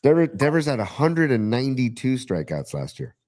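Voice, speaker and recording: A man's voice: mid-range voice, sing-song, a little fast, darkish tone. A man co-hosting a casual sports podcast, talking with enthusiasm and rambling restarts. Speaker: podcast co-host.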